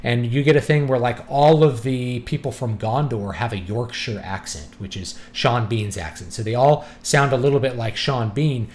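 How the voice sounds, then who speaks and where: Male vlogger, mid-pitched everyday voice, relaxed chatty delivery, faint hum behind. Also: moderate pace, hardly any pauses. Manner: relaxed and conversational, thinking aloud. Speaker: book reviewer. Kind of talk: casual spoken review.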